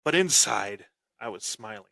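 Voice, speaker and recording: A man's voice: lowish voice, expressive, moderate pace, creaky, pushed and bright, no echo. A man hosting a wrestling podcast, telling a boastful, taunting story in his wrestling persona. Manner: swaggering, taunting, dramatic. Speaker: podcast host.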